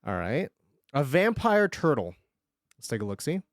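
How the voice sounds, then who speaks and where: A man streaming live, chatting casually and joking as he reacts, laughing often and breaking into excited bursts. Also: mid-range voice, normal speed, no room sound, clean studio sound. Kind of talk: casual live-stream commentary while drawing.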